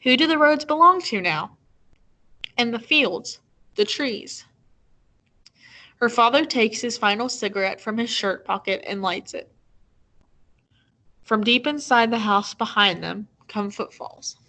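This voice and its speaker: A woman reading a novel aloud in a measured, gentle storytelling manner. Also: on the high side, low-quality recording. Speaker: reader.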